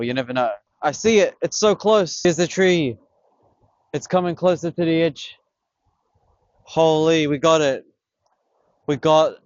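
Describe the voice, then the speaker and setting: A young man gives fast, excitable commentary, full of swearing and slang. His voice sits a little high for a man. The audio is dull and dry, recorded outdoors on a camera on a tripod. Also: dry recording. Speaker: vlogger. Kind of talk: casual fishing vlog commentary. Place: outdoors on a beach by the water.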